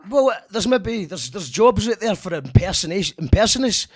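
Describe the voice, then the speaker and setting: A man's voice: sits high, big pitch swings, a little fast, husky. A Scottish man hosting a casual interview, blunt and rambling with lots of restarts. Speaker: host.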